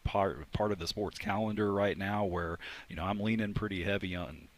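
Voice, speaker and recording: A man's voice: deep voice, moderate pace. A man who teaches sports analytics, chatting eagerly in a radio interview and often restarting his phrases.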